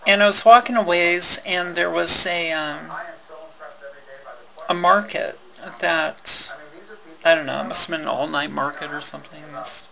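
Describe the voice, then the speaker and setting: A woman telling a personal story in a halting way, with many fillers, restarts and wry laughs. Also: low-pitched, creaky, a crowd in the background, low-quality recording.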